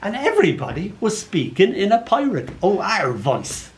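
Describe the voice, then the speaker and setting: Between poems at a live reading, a man in his sixties with an Irish accent offers playful stories and animated comic asides at a moderate pace, his voice sitting high. The arts venue hall sounds roomy, with faint background noise, and an audience is present.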